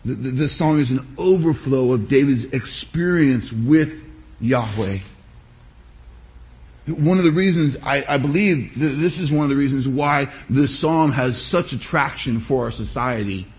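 A male pastor of medium pitch preaches a sermon in a measured, emphatic manner, leaving deliberate pauses.

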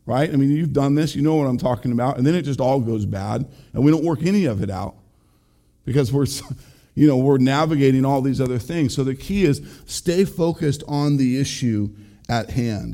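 A man's voice: medium pitch, brisk, mellow. A middle-aged man, a pastor, giving a conversational, earnest sermon and speaking straight to his listeners. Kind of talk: sermon on marriage.

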